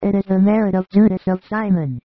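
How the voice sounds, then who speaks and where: A reader voicing a gentle, devout young male disciple who recites in a steady, reverent way in a dramatized audiobook. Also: mid-range voice, a little fast, no room sound, phone-quality sound, close to an everyday voice.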